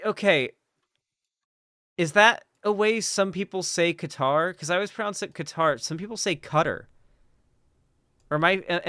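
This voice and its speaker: Dry, clear-voiced male commentator. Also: a little high, sharp tone, dry recording. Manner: casual, chatty, sarcastic asides. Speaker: commentary channel host. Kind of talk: reacting to a debate clip.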